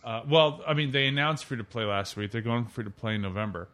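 A man's voice: medium pitch, quick pace, fairly bright tone. Chatty man hosting a gaming podcast. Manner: chatty, opinionated, leads the topics. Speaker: podcast host. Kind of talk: casual gaming podcast chat.

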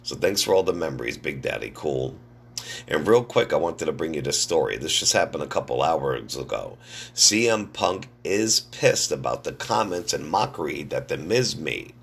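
Hoarse new guy doing wrestling news, deep raspy croak, cusses a lot. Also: big pitch swings, moderate pace. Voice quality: gravelly, husky. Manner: blunt and profane. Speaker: podcast host. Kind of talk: casual wrestling news podcast.

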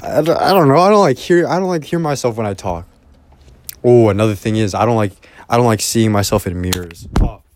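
This solo podcast host, a young man recording at home on headphones, has a mid-range, darkish voice and talks a little fast, with slight background noise. His casual rambling is full of swearing and self-deprecating asides, and his thoughts tend to trail off.

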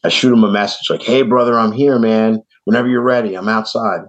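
A man from New York with a New York accent, casually telling a long story on a podcast and acting out the voices of the people in it. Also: fairly quick. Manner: animated, acts out quoted voices in a higher pitch. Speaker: podcast host. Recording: dull lo-fi podcast audio.

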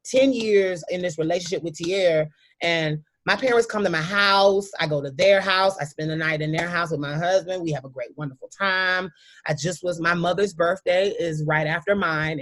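A guest with a lowish voice tells a heartfelt story about her life, sometimes halting but always emphatic. She frequently speaks straight to the listeners.

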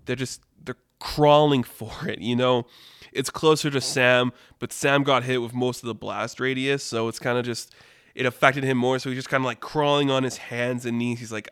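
A man hosting a casual storytelling podcast, animated and laughing often, with lots of "like". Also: medium pitch, normal speed, smooth, no echo, studio quality. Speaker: storyteller host.

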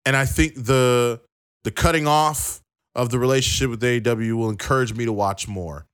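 A man's voice: medium pitch, moderate pace, a bit bright, clean tone. A man co-hosting a casual wrestling podcast who stammers and restarts, then reads long quotes aloud. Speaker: podcast co-host.

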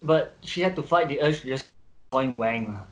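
A man's voice: medium pitch, moderate pace, lo-fi sound. A man making dry jokes in a casual podcast chat.

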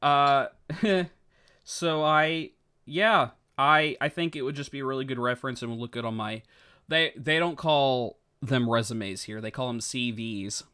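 A man co-hosting a podcast in casual, excitable chat. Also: medium pitch, unhurried, clear, resonant tone. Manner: chatty, excitable, restarts often. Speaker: podcast co-host.

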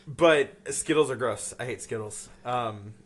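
A man's voice: mid-range voice, unhurried, slightly rough. A young man guesting on a friend's podcast, rambling with lots of fillers and dry sarcasm. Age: young adult. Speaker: podcast guest, youth group leader. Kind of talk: casual chat.

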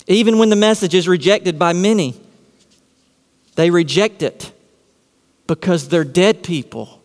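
Pastor guy preaching, kinda high voice, lots of questions he answers himself, big echoey church hall. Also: measured pace. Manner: emphatic, rhetorical questions answered aloud. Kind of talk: sermon.

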